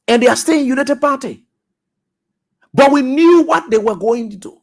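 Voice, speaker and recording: A man hosting a radio talk show, giving animated, scolding political commentary. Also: extremely high pitch, moderate pace, vocal fry, long pauses.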